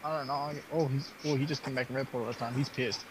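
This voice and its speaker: A young man doing casual gameplay commentary, excitable and loud, swearing constantly and yelling at other players. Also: mid-range voice, quick pace, low-quality recording. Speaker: gamer recording a video.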